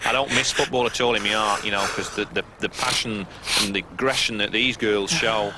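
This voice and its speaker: A rambling male football coach who talks quickly in a low voice, repeating words as he goes, voiced by a man. Outdoor noise sits behind him. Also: steady tone, close to an everyday voice. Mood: earnest.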